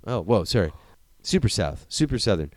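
Brief: lively, swearing film reviewer, low and smooth, close and dry. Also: male voice, normal speed, no echo. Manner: animated, profane, acts out scenes. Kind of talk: casual movie review chat.

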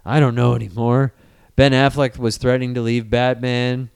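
A man talking in loose, profane banter, animated and sarcastic. His voice is smooth and resonant, sitting at an ordinary middle pitch for a man. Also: moderate pace.

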